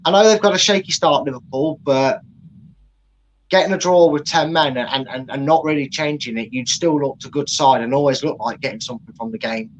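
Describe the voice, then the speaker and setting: A man, co-hosting a casual football chat and giving rambling, animated opinions. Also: medium pitch, brisk, highs cut off, slight background noise. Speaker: co-host.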